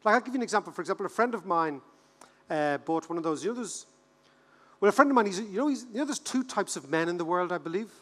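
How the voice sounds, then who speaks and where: An Irish man in his fifties giving a humorous conference keynote, animated and joking, repeating words for rhythm. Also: high-pitched, fast talker. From Ireland. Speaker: keynote speaker. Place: large conference hall. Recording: reverberant conference hall.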